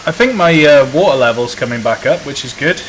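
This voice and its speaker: A man's voice: mid-range voice, lively intonation, a little fast. A man chatting casually on a live stream while playing a train game, joking and thinking aloud. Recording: noisy stream audio.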